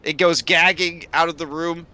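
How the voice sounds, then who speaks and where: A man's voice: on the high side, level tone, normal speed, bright, forceful tone, smooth. A man running a tabletop game as game master, narrating in a rambling way with lots of fillers and restarts.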